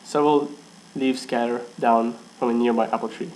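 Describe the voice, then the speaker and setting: A man's voice: medium pitch, steady tone, normal speed, a little mellow, slight background noise, rough recording. A man reading a first-person fan story aloud, often stumbling and restarting lines and laughing at his own slips. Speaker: fan fiction reader.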